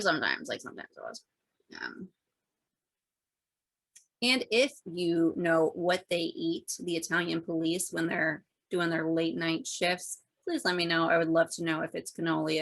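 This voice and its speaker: A woman's voice: low-pitched, fairly even intonation, normal speed, gravelly, dry recording. A woman co-hosting a podcast in casual, rambling chat with lots of fillers. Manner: chatty, rambling, many fillers. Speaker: podcast co-host.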